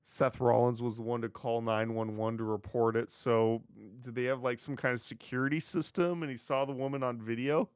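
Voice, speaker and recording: A wrestling news podcast host talks casually by himself on his own show, sarcastic and cursing freely. His mid-range voice is clear, resonant and a little mellow, with fairly even intonation, normal speed and hardly any pauses. The recording is clean studio sound without echo.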